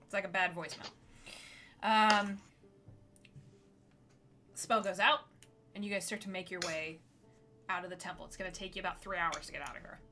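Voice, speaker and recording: A woman's voice: on the low side, steady tone, moderate pace, pauses often, bright, forceful tone, a little hiss or hum. A woman running a tabletop game as game master, narrating in a casual, matter-of-fact way.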